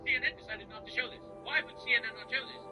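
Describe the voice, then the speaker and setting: A male streamer giving casual political commentary, ranting with animated disbelief and cursing freely. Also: extremely high pitch, rapid-fire, rough recording. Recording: music playing behind the voice.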